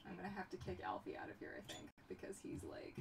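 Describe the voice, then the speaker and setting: A young woman hosting a casual livestream from her home workshop, chatting in an animated way and talking to her pets. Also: lowish voice, fast, vocal fry. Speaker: livestream host. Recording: distant mic with background noise.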